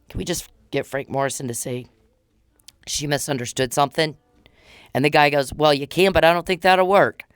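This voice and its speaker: Woman, low voice, dry close sound, ranting blunt and profane at an official. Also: no echo. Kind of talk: angry monologue addressed to an official.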